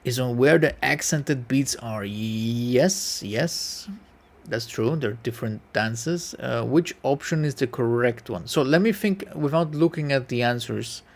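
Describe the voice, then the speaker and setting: Man, gravelly voice, casual thinking aloud, self-correcting, hums melodies. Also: medium pitch, a little mellow. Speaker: piano YouTuber taking a quiz.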